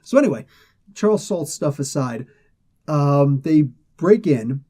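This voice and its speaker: A man hosting a casual comic book review, talking in a chatty, animated way with frequent laughs and side remarks. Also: a little high, measured pace.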